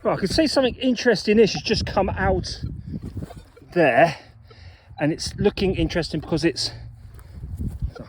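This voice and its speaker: A man's voice: on the high side, slight background noise. A man metal detecting outdoors, chatting playfully to camera and mock-scolding his finds. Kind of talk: casual talk to camera while detecting. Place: outdoors in a field.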